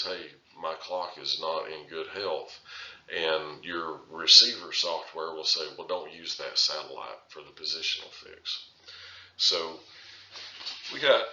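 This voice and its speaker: A man with a low, sharply edged voice delivers a recorded lecture, talking loosely and often circling back to restart his phrases. The sound is roomy and a little dull, like a lo-fi classroom capture. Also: sharp tone. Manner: conversational, with frequent restarts and filler phrases. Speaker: surveying instructor.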